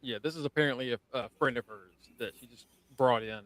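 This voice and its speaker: Animated man recapping a show. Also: medium pitch, fast. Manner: animated, profane, acts out scenes. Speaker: podcast co-host. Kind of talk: casual show review chat.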